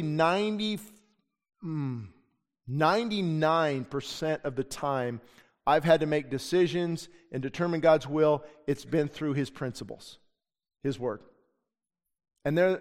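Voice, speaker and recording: A man's voice: a little high, measured pace. A middle-aged man preaching a sermon as pastor in a church, earnest and conversational, telling stories from his own life. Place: church sanctuary. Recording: long church hall reverb.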